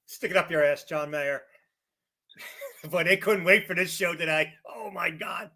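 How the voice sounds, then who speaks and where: Male podcast co-host, furious profane rant, high, bright and sharp. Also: a little slow. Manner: angry, shouting bursts, profane. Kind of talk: heated sports rant.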